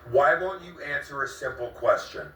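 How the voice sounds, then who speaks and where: A man with a bright, slightly high voice that keeps cracking asks the same questions again and again, slowly and with mounting exasperation. He sounds a little distant from the mic in an echoey room. Faint room ambience sits behind him. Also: animated, a little hiss or hum. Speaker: vlogger confronting a friend. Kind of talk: heated confrontation on camera.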